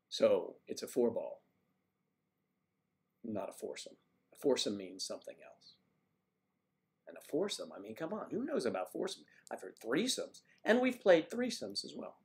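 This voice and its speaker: A man's voice: mid-range voice, very animated, moderate pace, long pauses. A man hosting a livestream, chatting casually and rambling as he answers viewer comments. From United States. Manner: rambling, chatty, wandering between topics. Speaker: livestream host.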